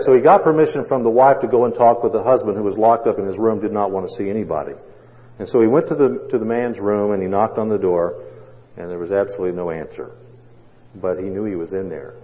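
Mellow-voiced preacher in an echoing hall. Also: male voice, fairly low pitch. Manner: dramatic storytelling with long pauses. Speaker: pastor. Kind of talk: sermon. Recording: dull sound, long hall echo.

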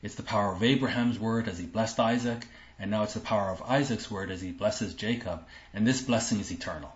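A man's voice: on the low side, a little fast. A man giving a sermon, reading scripture aloud and explaining it in an earnest, emphatic way, often repeating himself. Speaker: Bible teacher. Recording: roomy, dull lo-fi recording.

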